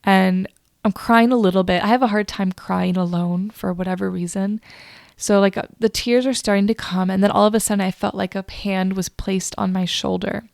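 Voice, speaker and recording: A woman hosting a solo podcast, telling a personal story in a confiding, emotional way, often halting and restarting. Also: medium pitch, fairly even intonation, creaky, a little mellow, dry recording, clean studio sound. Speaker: podcast host.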